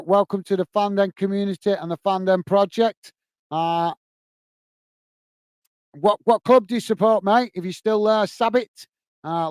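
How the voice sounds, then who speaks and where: A man's voice: sits high, smooth, no echo. A British man hosting a live football watch-along, calling the play and chatting to viewers in the comments. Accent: British English. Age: adult, working age. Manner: chatty, reads out viewer comments, calls everyone mate. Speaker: host of a match watch-along. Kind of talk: casual live commentary and chat. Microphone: earpiece and close mic.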